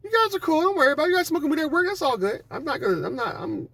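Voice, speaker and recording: A man putting on the voice of a fake-friendly young woman coworker, in a sugary, high, airy falsetto. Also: very animated, very fast, creaky, a bit bright, dry recording, exaggerated voice. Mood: falsely reassuring. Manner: over-reassuring, sugary.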